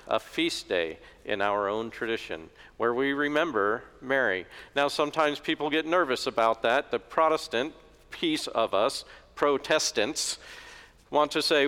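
A man's voice: mid-range voice, sharp tone. A middle-aged man preaching a sermon in a joking, conversational way, in a church. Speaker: pastor. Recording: echoey church reverb.

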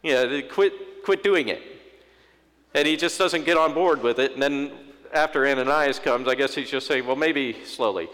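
A man delivers a sermon as a pastor, talking through it casually with wry asides. His voice sits at an ordinary middle pitch. Long reverb from a church hall trails behind him. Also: moderate pace, fairly bright tone. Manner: conversational preaching with asides and quoted inner voices.

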